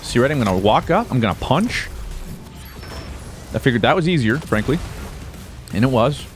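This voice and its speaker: Young American man, streamer type, playful commentary; lively swooping pitch, faint music under him. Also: moderate pace. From United States. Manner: playful, swings from mumbled asides to loud whoops. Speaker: gaming video creator. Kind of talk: casual gameplay commentary.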